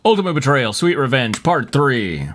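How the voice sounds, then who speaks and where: A man reads fanfiction aloud on a comedy podcast, his voice swinging widely up and down in mock-dramatic narration. His mid-pitched voice keeps cracking into laughter. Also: very animated, moderate pace, very noisy. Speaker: podcast host and reader.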